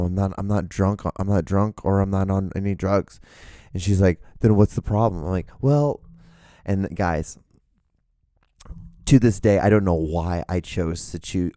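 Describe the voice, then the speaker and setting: A man's voice: low voice, dark tone, no room sound, clean studio sound. A man in his thirties telling a rambling, profane personal story on his solo podcast, with many restarts. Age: 30s. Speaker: podcast host.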